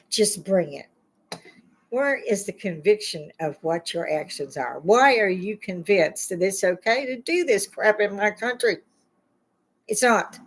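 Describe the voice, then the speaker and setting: A woman's voice: medium pitch, rough recording. An older woman, a self-described grandma on YouTube, ranting bluntly and scolding her listeners with mounting indignation. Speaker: YouTube commentator. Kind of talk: angry political rant.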